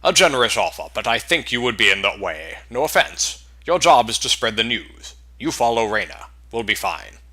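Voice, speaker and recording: A man voicing a calm, proud male warrior in a fantasy game, measured and commanding. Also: medium pitch. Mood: resolute.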